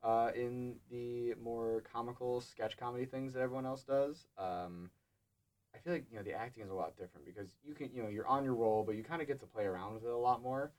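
A young man who produces a student show, talking casually in a relaxed, rambling way with many fillers. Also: mid-range voice, fairly quick. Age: young adult. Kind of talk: casual panel chat.

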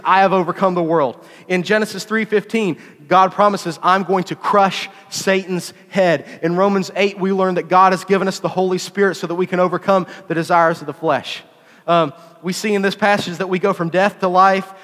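A man giving a sermon in a lively, conversational way, often repeating phrases for emphasis. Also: sits high, in a large hall. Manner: animated, conversational preaching with repetitions.

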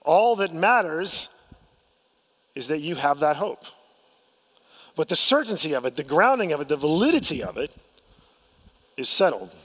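An American man preaching from the pulpit, with a fairly high voice and a long reverb trailing his words through the hall. He tells a personal story candidly and pokes fun at himself, stumbling into restarts as he goes. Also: big pitch swings, moderate pace, long pauses, fairly bright tone, breathy edge. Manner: candid storytelling with self-deprecating humor and frequent restarts. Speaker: pastor. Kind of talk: sermon.

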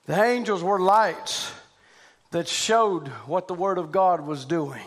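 A man preaches a sermon at a slow pace, dropping to a low hush before climbing into loud, shouted preaching cadences.

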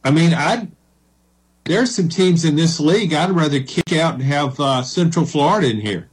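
A male radio co-host with a husky, slightly raised voice who keeps pressing his argument. He sounds persistent and engaged in the back-and-forth of a sports debate. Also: on the high side, expressive, normal speed, poor audio. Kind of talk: call-in sports talk radio.

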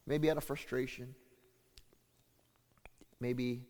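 A man preaching a sermon as pastor, halting and full of fillers and restarts, getting louder and higher when he acts out what people say. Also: fairly even intonation. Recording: long hall reverb.

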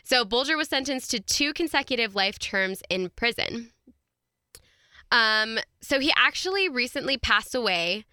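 A woman talks through a true-crime case in a casual, chatty way and laughs often. Her voice is bright and forward. The sound is dry and close, with no room around it. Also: on the high side, lively intonation, unhurried, clean tone, dry recording. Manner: chatty, laughs often, reads quotes aloud. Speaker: podcast co-host.

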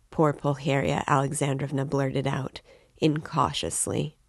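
A woman reading a classic novel aloud in an even, measured narration. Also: a bass voice, creaky, no room sound, studio quality. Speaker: reader.

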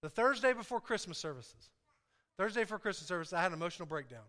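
A man's voice: sits high, animated, quick pace, bright, forceful tone. A pastor preaching a sermon, earnest and confessional, who repeats his key phrases for emphasis and speaks straight to his congregation.

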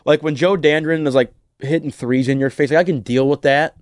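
A man's voice: on the high side, steady tone, a little fast, dry recording. Guy ranting in a chatty podcast, says like a lot, dry sound no room. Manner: ranting, heavy use of "like", frequent restarts. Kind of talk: casual chat.

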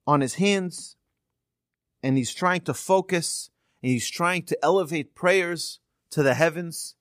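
In a clean studio recording with no room sound, a rabbi with a medium-pitched voice gives a sermon rich in stories. He is earnest and animated, and his voice lifts whenever he wants to stress a key moment.

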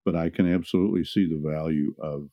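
A man's voice: a bass voice, steady tone, fast, warm tone, no echo. A man co-hosting a parenting podcast, agreeable and rambling as he tells stories in casual conversation. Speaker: co-host, parent. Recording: slightly muffled, dull sound.

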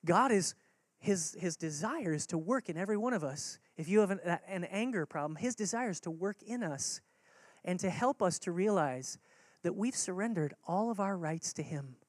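A man's voice: high voice, animated, normal speed, no room sound. Earnest man preaching a sermon, dry sound. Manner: earnest, conversational preaching with repeated key words. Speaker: pastor.

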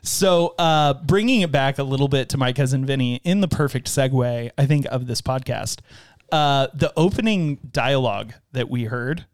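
A man's voice: medium pitch, moderate pace, no echo. Chatty man, dry close sound. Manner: chatty, laughs often. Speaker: podcast co-host. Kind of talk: casual movie-discussion chat.

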